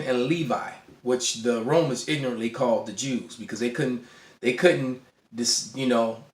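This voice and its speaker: Halting man teaching in a roomy room. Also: mid-range voice. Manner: halting, restarts words, frequent "all right" check-ins. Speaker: bible teacher. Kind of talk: casual teaching to camera. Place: indoor room. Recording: roomy echo.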